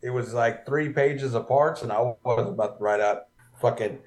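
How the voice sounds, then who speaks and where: A man telling a story in a casual podcast chat, profane and animated. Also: mid-range voice, moderate pace.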